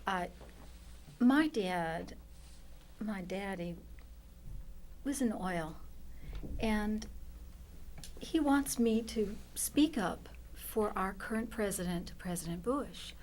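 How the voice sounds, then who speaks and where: A woman's voice: medium pitch, animated, slow pace, long pauses, a little mellow, a little hiss or hum. A woman doing satirical comedy in a pouty, childish spoiled-heiress manner.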